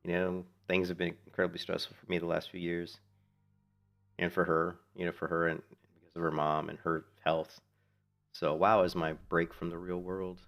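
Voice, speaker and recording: A middle-aged man with a low, gravelly voice chats away while he streams a game from home. He is laid back and rambling, tells long stories and swears freely. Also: level tone, moderate pace, fairly bright tone. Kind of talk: casual chat while playing. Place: home in Florida.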